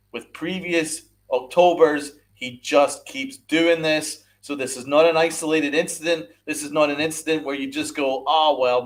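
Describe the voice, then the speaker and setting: A man hosting a podcast, ranting angrily and swearing, repeating his points and firing rhetorical questions at his listeners. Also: a little high. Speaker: podcast host. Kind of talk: angry sports rant with live chat.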